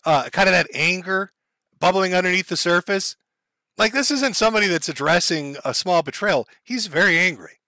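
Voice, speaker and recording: A man talks through events in a relaxed, explanatory way and often pauses on fillers. His voice is bright and a little high. The recording is dry and close. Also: dry recording. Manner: conversational, explanatory, frequent fillers. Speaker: commentator. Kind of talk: casual commentary.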